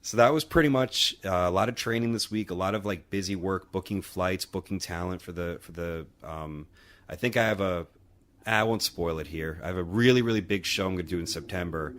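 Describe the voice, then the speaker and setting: A man's voice: deep voice, a little fast, a bit bright. A man co-hosting a podcast, telling a rambling, profane story in casual chat. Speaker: podcast co-host and wrestling trainer.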